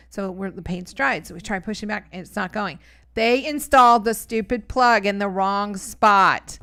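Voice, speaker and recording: A woman's voice: mid-range voice, moderate pace. A middle-aged woman co-hosting a casual live stream from home, telling stories with lots of laughter. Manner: animated storytelling, laughs often.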